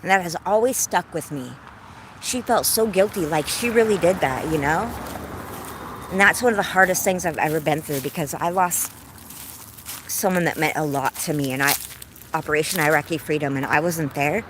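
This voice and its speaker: A woman's voice: low-pitched, moderate pace, noisy background. A woman in her forties chatting on a livestream while out on a walk, effusive and heartfelt as she tells stories. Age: 40s. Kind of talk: casual livestream chat while walking. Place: outdoors on a walk.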